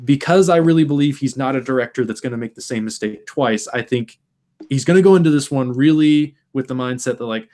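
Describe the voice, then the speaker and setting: A young man hosting a casual film podcast, thinking out loud in long stretches and acting out imagined quotes. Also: medium pitch, brisk. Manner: thoughtful, talks in long stretches, acts out quotes. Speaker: podcast host.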